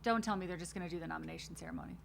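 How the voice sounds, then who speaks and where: A woman's voice: fairly low pitch, very fast, gravelly, a little hiss or hum. A woman streamer giving casual, blunt reaction commentary while hosting a watch party, talking with frank, chatty swearing.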